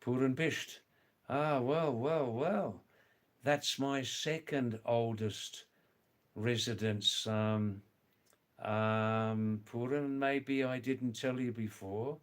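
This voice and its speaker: An older man hosting a casual livestream, reading viewer comments aloud in an unhurried way, repeating words and spelling out names. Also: medium pitch, steady tone. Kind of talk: casual chat.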